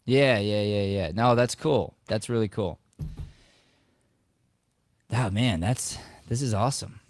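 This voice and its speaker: A man's voice: on the low side, slow pace, slight background noise. A man in his thirties hosting a podcast, chatting casually and acting out the lines of people in his stories. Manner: animated storyteller acting out quoted lines. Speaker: podcast host. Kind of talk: casual talk on acting and life.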